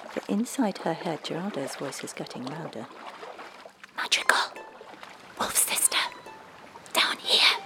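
Low, gravelly woman reading a storybook. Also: noisy background. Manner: measured, expressive, dropping to near-whispers at tense moments. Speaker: narrator. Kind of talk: storybook narration.

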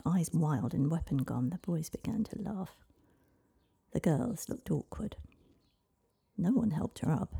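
A woman narrating a children's fantasy story in a soft, half-whispered, breathy reading. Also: deep voice.

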